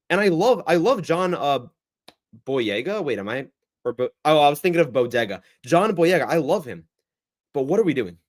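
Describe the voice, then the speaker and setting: A young man hosting a casual livestream Q&A, rambling and reacting to the chat in a lively, chatty way. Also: on the high side. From United States. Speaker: livestream host.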